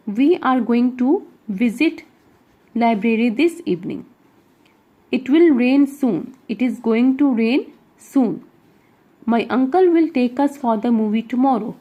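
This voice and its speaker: A woman with an Indian English accent leads a grammar lesson, reading out exercises and explaining them patiently step by step. Her voice is a little high yet warm and mellow, and she keeps checking that her students follow along. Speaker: English teacher.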